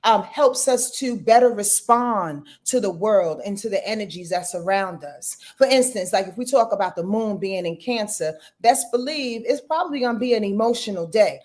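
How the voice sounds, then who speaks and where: Lady on a podcast explaining stuff, lots of um and you know, pretty animated. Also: mid-range voice, normal speed, hardly any pauses. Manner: animated, explanatory, many fillers. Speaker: podcast guest, astrologer. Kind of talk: casual interview talk.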